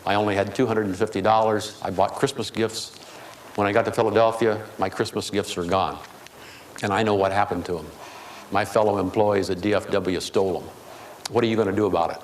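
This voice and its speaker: A man delivers a keynote speech built on humorous personal stories. His voice sits on the low side. It carries a long reverb from a large hall, with faint noise underneath. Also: fairly even intonation, brisk. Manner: humorous, anecdotal. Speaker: keynote speaker. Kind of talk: storytelling speech.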